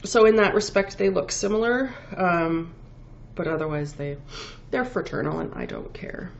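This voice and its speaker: A woman with a lowish, gravelly voice, audibly congested from a head cold, hosts a relaxed knitting show. She wanders through her thoughts with frequent ums and restarts. The recording sounds dull and lo-fi, with a faint hiss underneath. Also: normal speed. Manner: rambling, self-correcting, lots of ums. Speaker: knitting podcast host. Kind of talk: casual show-and-tell chat. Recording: dull lo-fi home recording with faint background noise.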